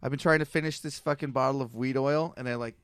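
A man's voice: medium pitch, steady tone, fast, fairly bright tone, clean tone, dry recording, clean studio sound. A man in his thirties co-hosting a podcast, telling a rambling story with lots of swearing and self-mocking laughs. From Canada. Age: 30s. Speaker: podcast co-host. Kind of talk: casual storytelling chat.

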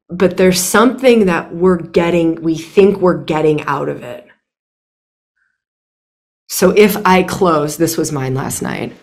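A woman teaching a women's mystery school class in a frank, profane, animated way, often acting out her own inner voices. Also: fairly low pitch, gravelly. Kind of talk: candid teaching talk.

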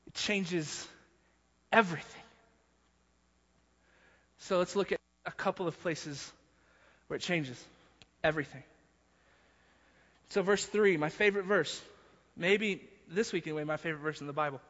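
A man's voice: a little high, unhurried, pauses often, a bit bright. A man preaching a sermon in an emphatic way, often repeating words as he builds a point. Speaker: pastor. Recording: muffled hall recording.

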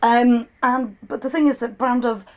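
A woman co-hosting a casual chat, retelling an old Irish tale in an amused, animated way and laughing often. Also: fairly high pitch, moderate pace, muffled recording, crowd noise.

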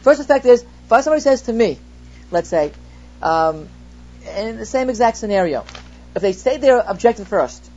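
A rabbi with an extremely high-pitched, darkish voice teaches students in a text-study class, using everyday examples and rhetorical questions. He reads Hebrew phrases aloud and then translates them. The recording of the class is dull and lo-fi.

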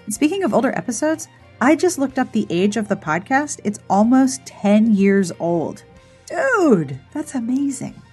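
A woman hosting a podcast, talking casually and playfully as she wraps up the episode. Her voice is a little breathy, and soft music plays quietly behind her. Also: fairly high pitch, expressive, normal speed. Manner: chatty and playful, giggles at her own jokes. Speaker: podcast host.

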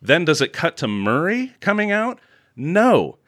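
A man's voice: on the high side, wildly swooping pitch, unhurried, a bit bright, no echo, clean studio sound. A man co-hosting a podcast, sarcastic and swearing freely as he mocks a film in casual chat. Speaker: podcast co-host. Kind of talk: casual movie review chat.

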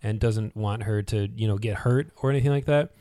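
A man co-hosting a podcast in a casual chat, animated and acting out characters' lines as he recaps. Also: lowish voice, brisk, dry recording, studio quality. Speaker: podcast co-host.

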